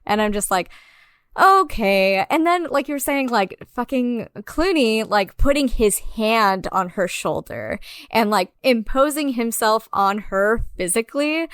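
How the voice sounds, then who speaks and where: A woman's voice: fairly high pitch, animated, a little slow, dry recording, clean studio sound. A woman co-hosting a podcast, chatting casually about films, filling her speech with "like" and acting out quoted lines. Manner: lots of "like", acts out quoted dialogue. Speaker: podcast co-host. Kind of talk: casual film-review chat.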